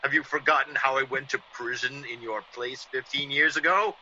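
A man's voice: mid-range voice, steady tone, a little fast, pushed and bright, slight background noise. An actor playing a man who acts out a vengeful ex-convict, in theatrical 1940s radio acting. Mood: menacing. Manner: theatrical, menacing in the scene within the scene. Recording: dull lo-fi old radio recording.

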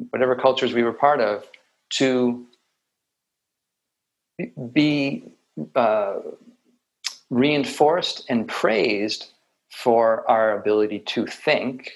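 A male meditation teacher talks through ideas slowly and reflectively, adding small touches of humor. His mid-pitched voice has a gravelly, creaky texture. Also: dull audio. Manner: reflective and unhurried, with light humor. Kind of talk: meditation dharma talk.

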